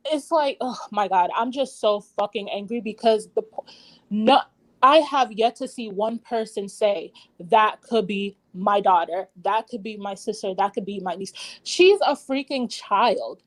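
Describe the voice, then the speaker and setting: Furious ranting woman, slightly high voice. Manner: angry, profane ranting. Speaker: livestream panelist. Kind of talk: heated casual chat.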